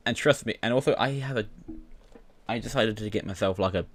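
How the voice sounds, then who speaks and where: British man, YouTuber, casual gaming commentary, rambling, lots of fillers, lowish voice. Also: brisk. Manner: rambling, full of fillers and restarts.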